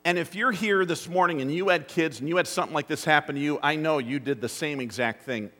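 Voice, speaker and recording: A middle-aged man preaching a sermon, telling a story that drops to hushed asides and rises to urgent bursts. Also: on the high side, quick pace. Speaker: pastor. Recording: long hall reverb.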